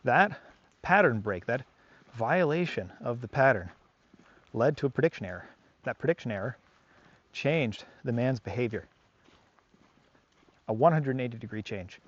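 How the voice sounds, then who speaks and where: A man's voice: mid-range voice, expressive, normal speed, long pauses, muffled recording. A male dog trainer explaining his methods outdoors on a walk, earnest and emphatic, repeating his key phrases. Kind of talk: explaining on camera while walking a dog. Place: outdoors on a park trail.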